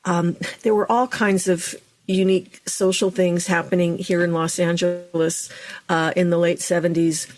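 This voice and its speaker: A middle-aged woman, a speech and dialect coach, explaining in a lively, chatty way as a podcast guest. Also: fairly low pitch, moderate pace.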